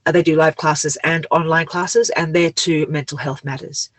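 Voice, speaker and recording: A woman's voice: low voice, steady tone, moderate pace, dry recording, rough recording. A woman hosting a podcast in casual chat, talking in a rambling, open way and sounding teary. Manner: chatty, rambling, open about feelings. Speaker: podcast host.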